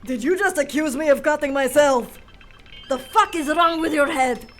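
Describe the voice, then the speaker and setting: A woman's voice: sits high, moderate pace, soft background music, voice pushed down, lightly acted. A woman voicing a shy but cutting teenage girl with a mock Russian accent, speaking coldly and bitingly. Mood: cold scorn. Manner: cold, biting.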